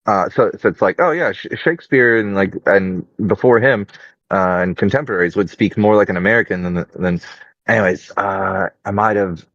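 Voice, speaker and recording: A man's voice: fairly low pitch, moderate pace, fairly bright tone, dry recording, dull audio. A man in a casual group chat, rambling with many fillers and restarts. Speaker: podcast participant.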